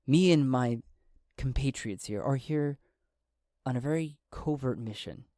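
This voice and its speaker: A man narrating a solo tabletop game and voicing a calm, persuasive male rebel who negotiates diplomatically. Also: medium pitch, no room sound, clean studio sound, lightly acted. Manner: measured, diplomatic.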